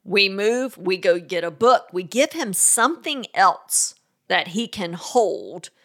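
A woman with a noticeably gravelly edge to her voice co-hosts a parenting show, giving practical and firm advice. Her pitch is middling, and she talks casually and laughs easily. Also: lively intonation, takes it slowly, a bit bright. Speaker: parenting podcast host.

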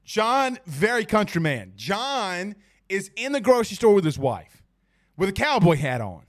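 A man with a high voice hosts a casual sports podcast. He talks with animation and jokes as he speaks straight to his listeners. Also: big pitch swings, measured pace.

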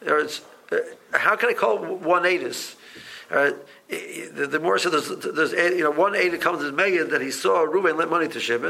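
A man teaching a Talmud class, speaking in a halting way with many restarts and repeated words. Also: high voice, creaky, sharp tone, breathy edge, low-quality recording. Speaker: Torah teacher.

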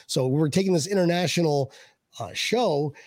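Excitable, higher-voiced male podcast host. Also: normal speed, no room sound. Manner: excitable, laughs often, stumbles over words. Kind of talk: casual chat.

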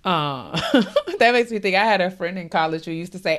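A woman's voice: on the low side, expressive, moderate pace. A woman co-hosting a podcast, giving candid, rambling advice in slangy casual chat with laughs along the way. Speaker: podcast co-host.

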